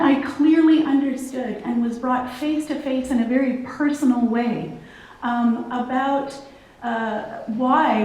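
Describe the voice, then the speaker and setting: A woman's voice: on the high side, darkish tone. A woman giving a church talk as guest speaker, hesitant, with many fillers. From Canada. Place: church hall. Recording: echoey church hall.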